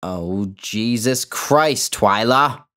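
A man voicing an imperious, theatrical older woman who barks orders in a shrill, commanding voice. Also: big pitch swings, normal speed, a little mellow. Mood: scolding. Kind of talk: audiobook character voice.

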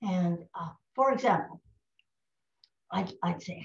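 Lady in her 90s telling showbiz stories, lively, kinda roomy audio. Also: medium pitch, a little slow. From United States. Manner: lively, anecdotal, fond of putting on voices. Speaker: guest, voice actress. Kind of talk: casual storytelling interview. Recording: roomy, slightly dull recording.

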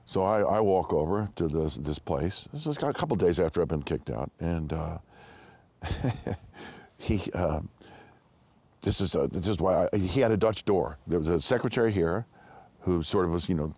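Deep-voiced man telling a lively anecdote. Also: normal speed. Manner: animated anecdote-telling, acts out quoted people with big pitch jumps; laughs often, restarts sentences. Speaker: interview guest. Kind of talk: storytelling in a sit-down interview.

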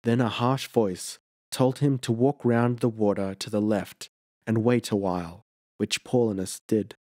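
Low-voiced male audiobook narrator. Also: fairly even intonation, dark tone, no room sound, clean studio sound. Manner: measured storytelling. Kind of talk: scripted narration.

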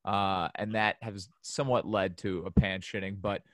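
A man's voice: low voice, steady tone, normal speed, a bit bright, no room sound. A young man, a guest on a video call, sheepishly telling a rambling story. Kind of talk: casual video-call chat.

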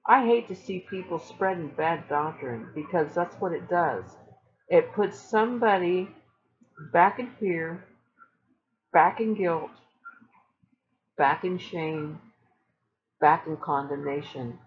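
A woman's voice: fairly low pitch, takes it slowly, pauses often, dull audio. A woman preaching casually to her viewers, earnest and emphatic, with repeated phrases for stress. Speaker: online Christian speaker.

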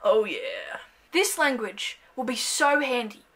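An Australian woman vlogging a playful, self-mocking comedic monologue to camera, breaking into loud bursts. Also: on the high side, lively intonation, slow pace, gravelly.

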